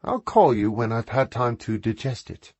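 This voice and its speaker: High, exclaiming aristocratic lady, brusque and sharp, done by a husky-voiced male narrator. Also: animated, moderate pace, no room sound, lightly acted. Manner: exclaiming, higher voice.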